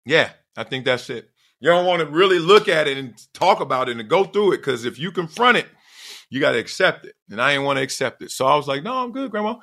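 A middle-aged man from Southern California who tells a personal story with lots of feeling. His pitch jumps around and he sometimes lets out loud whoops. His voice has a bright, forceful edge. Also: expressive, fast. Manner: emphatic, digressive, bursts into loud whoops. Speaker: podcast host.

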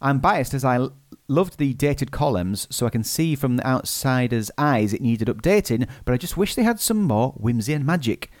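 A man's voice: mid-range voice, lively intonation, normal speed, few pauses, no room sound. Guy hosting a chatty podcast, laughs a lot, trips over his words, dry close sound. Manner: chatty, laughs often, restarts mid-sentence. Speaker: podcast host. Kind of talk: casual live podcast chat.

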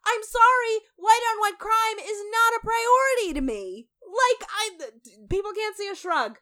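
A woman's voice: very high-pitched, expressive, a little slow, bright, forceful tone. A woman co-hosting a podcast, chatting casually and emphatically about a reality show, swearing freely. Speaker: podcast co-host.

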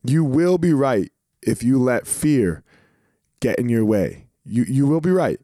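A man's voice: medium pitch, sing-song, measured pace, mellow, no echo. Guy giving a casual motivational talk, swears a bit, repeats himself to hammer points, dry close sound. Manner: casual, profane, repeats words for emphasis. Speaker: former professional fighter giving motivational talk.

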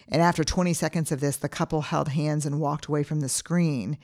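A woman in her forties hosting a podcast, speaking in an earnest, conversational monologue and slowing down to stress her points. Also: low voice, fairly even intonation, darkish tone. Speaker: podcast host.

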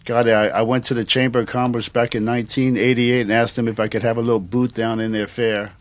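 Cajun restaurant owner spinning yarns. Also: male voice, medium pitch, flat delivery, quick pace, dry recording. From Louisiana. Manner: storytelling, repeats short affirmations. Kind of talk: casual chat.

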